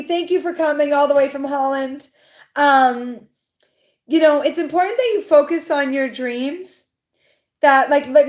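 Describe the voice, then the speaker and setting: A woman's voice: fairly high pitch, darkish tone. A young adult woman tarot reader hosting a livestream, chatting casually and rambling, swearing now and then, and talking to her viewers in the chat.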